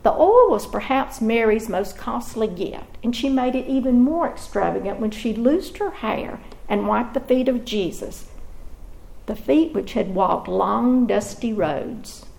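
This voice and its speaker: Gravelly-voiced woman teaching scripture. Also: medium pitch, a little mellow, low-quality recording. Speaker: Bible teacher.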